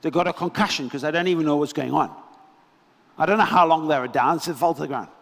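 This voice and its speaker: A male pastor delivers a sermon with lively, dramatic storytelling, pausing for weight on key lines. His voice sits somewhat high for a man. The sound carries a long reverb tail from a church hall. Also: vocal fry. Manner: animated storytelling, dramatic pauses.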